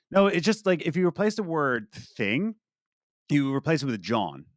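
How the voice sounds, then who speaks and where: A man's voice: fairly high pitch, animated, moderate pace, a bit bright, no room sound, clean studio sound. An American man with a faint Philadelphia accent, co-hosting a podcast in a playful way and laughing often. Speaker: podcast co-host. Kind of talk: casual podcast chat.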